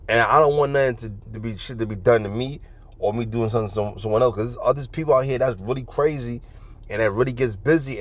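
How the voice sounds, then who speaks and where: A man's voice: medium pitch, no room sound. A man rambling through a casual monologue, profane and repetitive, often laughing. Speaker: vlogger.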